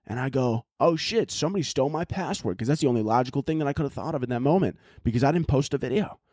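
A young man rants through his solo podcast, swearing often and wandering off topic as he vents. His voice sits at an ordinary middle pitch. The recording is dry, with no room echo. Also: lively intonation, very fast, darkish tone. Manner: profane, exasperated, rambling. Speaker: podcast host. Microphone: laptop and camera audio.

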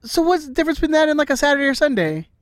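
High-voiced man bantering rapidly. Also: big pitch swings, no echo, studio quality. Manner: quick banter, playful. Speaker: podcast co-host. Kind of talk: casual sports chat.

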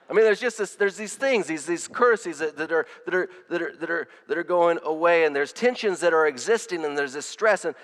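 A man's voice: fairly high pitch, a bit bright. Earnest preaching man, ringing hall. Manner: earnest, with frequent word repeats and restarts. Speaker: pastor. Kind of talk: sermon.

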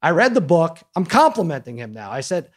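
A man hosting a podcast, telling a story in a lively, casual way and acting out the quotes. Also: fairly high pitch, a little fast. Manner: animated storyteller, acts out quotes. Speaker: podcast host.

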